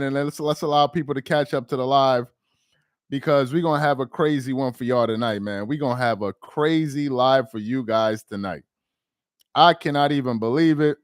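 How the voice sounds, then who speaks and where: A man's voice: mid-range voice, no room sound. Male sports streamer, casual and down, repeats himself, resonant voice, dead-dry sound. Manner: dejected, repetitive, rambling. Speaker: sports livestream host. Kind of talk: casual live-stream chat.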